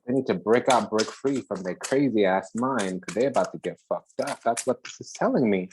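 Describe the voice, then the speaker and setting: A spiritual channel host giving a heated, profane reading, swinging between loud declarations and hushed asides with dramatic pauses. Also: medium pitch, noisy background.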